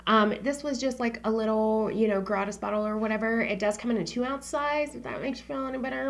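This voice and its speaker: A woman's voice: a little high, a little fast, gravelly, few pauses, fairly bright tone. A woman vlogging about her favorite beauty products in a casual, slangy chat, swearing freely and dropping into whispers for asides.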